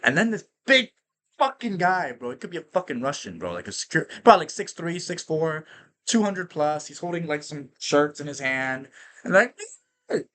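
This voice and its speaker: A man hosting a podcast, telling a story in a casual, energetic monologue that swears freely and keeps checking in with "right?". His voice is bright and forward, and his pitch swings widely as he talks. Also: moderate pace. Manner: energetic and profane, full of fillers like "right?". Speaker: podcast host.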